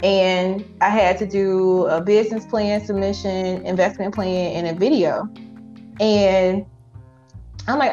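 A woman entrepreneur telling her story in a casual, animated way, acting out her own past lines. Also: medium pitch, normal speed, highs cut off, faint music behind. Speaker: entrepreneur guest.

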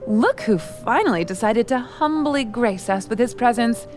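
A woman's voice: fairly high pitch, lively intonation, moderate pace, voice pushed up, lightly acted. A woman voicing a bossy young female music executive who shrieks and sneers. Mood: angry. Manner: shrieking, scornful.

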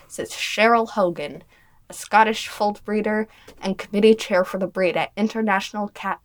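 A woman hosting a casual podcast chat, reading notes aloud in a halting, giggly way. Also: medium pitch, dry recording. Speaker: podcast host.

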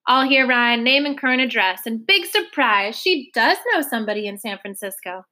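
A woman's voice: on the high side, normal speed, bright, forceful tone. A woman reading a novel aloud, voicing a brusque, careless male police officer with an offhand, sarcastic tone.

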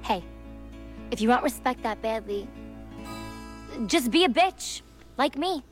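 A bitchy teen cheerleader with a high voice, sneering and crude in her taunts. Faint film music plays underneath. Every line lands as a mocking jab. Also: lively intonation, takes it slowly. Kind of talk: film dialogue.

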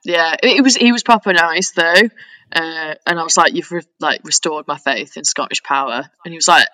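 A woman's voice: sits low, brisk, dry recording, low-quality recording. A woman hosting a podcast, chatting casually and telling stories between frequent giggles. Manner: giggly, animated storytelling. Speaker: podcast host. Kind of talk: casual chat.

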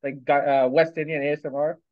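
A guest chatting on a video call, joking and teasing the host. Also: male voice, fairly high pitch, level tone, quick pace, dry recording. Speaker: podcast guest. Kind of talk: casual chat. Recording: dull lo-fi call audio.

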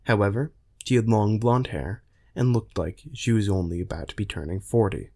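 A man narrating a science fiction story in a measured, plain way. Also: on the low side, mellow. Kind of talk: storytelling reading.

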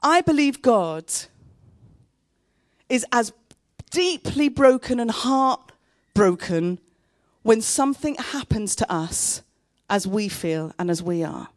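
A woman, preaching a sermon in an earnest, heartfelt way and pausing between phrases. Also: a little high, animated, no room sound, studio quality. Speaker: pastor. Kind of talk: sermon with personal story.

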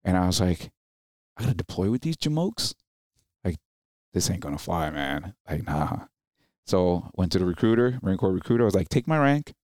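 The speaker, a Marine veteran in his thirties, talks at normal speed in a low-pitched voice, with clean studio sound and no echo. As a podcast guest in a casual interview, he tells stories with animation, raising his voice to act out the people he quotes.

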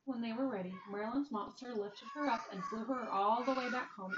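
A woman's voice: fairly high pitch, a little fast, few pauses. Woman reading a storybook from afar. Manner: gentle, expressive, varies loudness. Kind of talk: reading a children's picture book aloud. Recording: distant dull mic, faint hiss.

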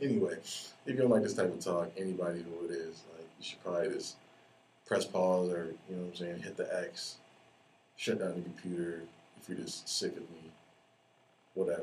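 Brief: low-voiced man in his 30s, profane podcast rant, mic at a distance, faint room noise. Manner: profane, ranting, animated storytelling. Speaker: podcast host. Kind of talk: casual podcast monologue.

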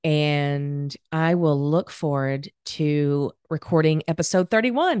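A woman in her forties hosting a solo podcast, talking in an earnest, reflective way with halting pauses and fillers. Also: low-pitched, darkish tone, smooth, no echo, studio quality. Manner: halting, many fillers and restarts. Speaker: podcast host.

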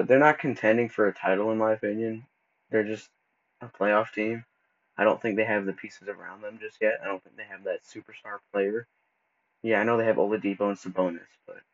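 A man with a fairly low voice hosts a solo podcast in a loose, casual way. He stumbles and backtracks over his words and drops in relaxed slang. The recording sounds dull and lo-fi. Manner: casual, stumbles and restarts often; laid-back slang like bro and dude. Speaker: podcast host.

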